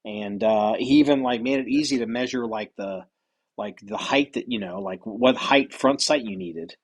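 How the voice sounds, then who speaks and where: Lively, rambling male podcast host. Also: medium pitch, moderate pace, gravelly, muffled recording. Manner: rambling, profane storytelling. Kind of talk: casual chat.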